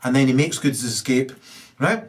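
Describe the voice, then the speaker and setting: A man's voice: medium pitch, normal speed. A man improvising a profane story, rambling with many ums and restarts.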